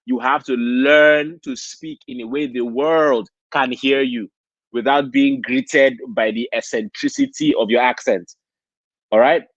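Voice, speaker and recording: A man's voice: medium pitch, no room sound. A man from Nigeria giving a motivational convention talk, preachy, punctuating points with "okay?". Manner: preachy, keeps asking "okay?". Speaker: convention speaker. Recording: dull lo-fi sound.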